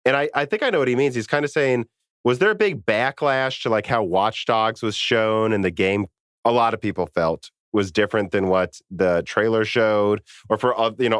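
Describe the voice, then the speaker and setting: Low-ish guy hosting a tech podcast, reads listener questions, dry close sound. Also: smooth, no echo. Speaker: podcast host. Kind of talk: casual interview chat.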